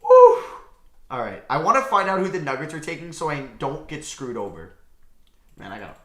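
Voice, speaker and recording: A young man hosting a live draft reaction stream, excitable and talking back to his chat, swinging from near-shouts to mutters. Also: on the high side, brisk. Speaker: livestream host. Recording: roomy echo.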